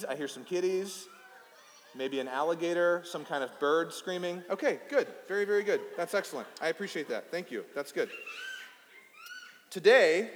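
With slight background noise, this man's slightly high, somewhat bright voice fills a reverberant church sanctuary. He's an East Texas pastor in his thirties, playful and chatty, preaching a relaxed sermon and talking with the kids in the congregation.

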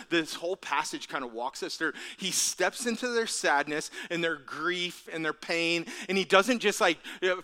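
A man with a bright, forceful voice delivers a sermon, speaking a little higher than most men. He preaches in an earnest, conversational way, circling back over his words. For emphasis he drops his voice to a hushed near whisper. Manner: repeats words and restarts phrases. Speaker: pastor.

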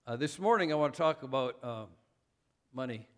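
A man's voice: medium pitch, animated, moderate pace. A man preaching a sermon as pastor, conversational and self-deprecating, with frequent fillers.

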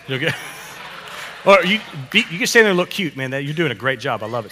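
Coaching children through the psalm in a family sermon, this pastor is lively and encouraging, repeating phrases often. He speaks a little high and fast, with a long reverb tail trailing his words.

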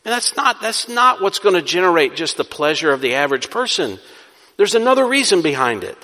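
Preaching a sermon in a church sanctuary, a pastor speaks emphatically, posing questions and answering them himself. His high voice is very animated, fairly quick, and sharp in tone, in a reverberant hall recording.

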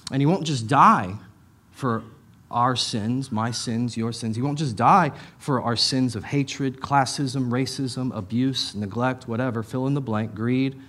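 A middle-aged pastor, male, with a medium-pitched and slightly bright voice, preaches conversationally. Emphatic repetitions and casual asides run through his sermon.

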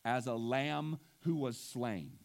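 A man's voice: mid-range voice, slow pace. Impassioned preacher, a man mid-sermon. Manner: impassioned, swings between loud emphasis and hushed asides; clears throat often. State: emotional. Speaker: pastor.

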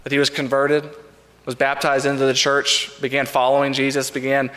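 A man's voice: mid-range voice, monotone, a bit bright. Man preaching, reverberant sanctuary. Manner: earnest, measured preaching with repeated refrains. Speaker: pastor. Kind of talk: sermon. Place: church sanctuary.

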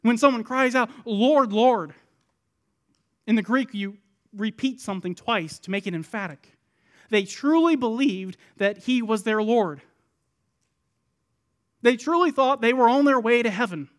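A man with a high voice delivers a sermon. He acts out the people in his text with loud pleading, then drops to quiet, low asides. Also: lively intonation, normal speed. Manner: dramatic, voicing the people in the parable. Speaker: pastor.

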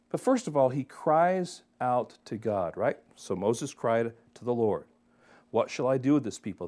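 Give me a man giving a sermon in a mid-pitched voice, direct and full of rhetorical questions. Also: darkish tone. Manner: direct, addresses listeners as friends, asks rhetorical questions. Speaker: pastor.

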